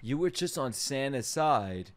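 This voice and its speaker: A man's voice: mid-range voice, measured pace. A man hosting an anime reaction, exclaiming, swearing and joking as he watches. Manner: animated, exclaiming, swearing, cracking jokes. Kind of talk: live anime reaction commentary. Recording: show's music playing behind the voice. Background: anime soundtrack music.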